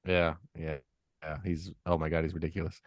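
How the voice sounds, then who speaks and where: A man's voice: rumbling low, flat delivery, brisk, dry recording, clean studio sound. A man co-hosting a podcast in casual banter, rambling and swearing freely. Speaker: podcast co-host.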